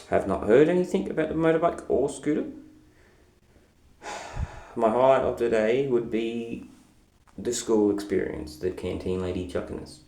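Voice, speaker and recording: A man's voice: mid-range voice, gravelly, mellow, reverberant. A young man rambling through a casual diary vlog, with many fillers and restarts. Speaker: vlogger.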